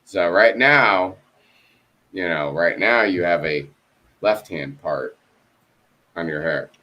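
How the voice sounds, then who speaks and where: A man's voice: sits low, lively intonation, slow pace, bright, forceful tone. A man in a casual video-call chat, telling a story with lots of swearing and acting out both sides of phone calls. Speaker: co-host.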